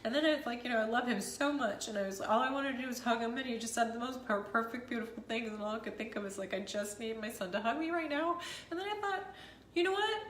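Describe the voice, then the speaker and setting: A woman's voice: fairly high pitch, quick pace, a bit bright, slight background noise. Woman, 30s, mom vlogger; emotional, self-deprecating, rambling; echoey room. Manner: tearful, rambling, self-deprecating, laughs through it. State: teary after crying. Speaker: vlogger, mother of two. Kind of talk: emotional personal vlog.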